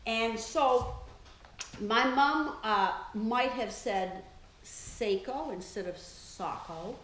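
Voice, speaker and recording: A woman's voice: fairly high pitch, slow, a bit bright. An older woman, an author, telling chatty family stories to an audience and laughing often. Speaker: author giving a talk. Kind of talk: storytelling talk to an audience. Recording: echoey room with faint noise.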